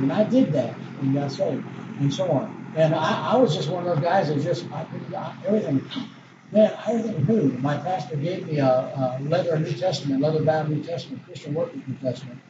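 Older man, preacher, folksy rambling sermon, slightly high voice, distant echoey church recording, background noise. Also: a little fast, muffled recording. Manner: folksy, rambling storytelling with restarts.

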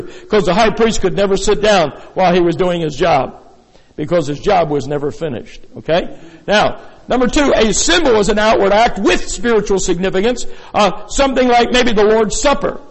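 Preaching in a church sanctuary, a pastor rambles folksily through his sermon, full of fillers and asides. His high-pitched voice is animated and fairly quick, echoing in a big room on a low-quality recording.

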